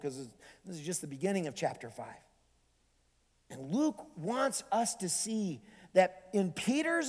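Preaching man with hall reverb. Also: fairly high pitch. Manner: animated, swinging from loud emphasis to hushed near-whispers. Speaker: pastor. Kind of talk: sermon. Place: church sanctuary.

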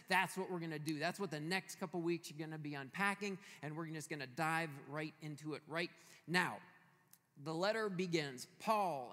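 A man's voice: on the high side, fairly bright tone. A male pastor preaching a sermon in a church, telling stories in a playful, emphatic way. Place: church hall. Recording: reverberant church hall.

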